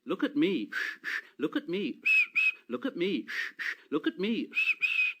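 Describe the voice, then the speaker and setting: A man's voice: high-pitched, wildly swooping pitch, normal speed, bright, forceful tone, slightly rough, voice pushed up, heavily acted. A man doing a chanting little steam engine. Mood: proud. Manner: sing-song chanting in rhythm with puffing. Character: cheerful small old tank engine, eager and proud.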